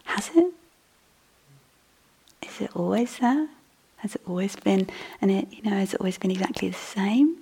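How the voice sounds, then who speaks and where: A woman meditation teacher giving a dharma talk in a soft, breathy voice that often drops to a whisper. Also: medium pitch, lively intonation, moderate pace, long pauses. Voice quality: husky, gravelly. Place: meditation hall.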